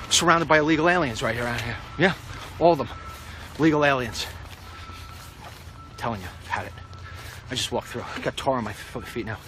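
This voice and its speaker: A man's voice: mid-range voice, fairly quick, pauses often, bright, forceful tone, soft background music. A man walking outdoors while giving a blunt, rambling political monologue straight to the camera, with street traffic passing. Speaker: political commentator. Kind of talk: walk-and-talk vlog monologue.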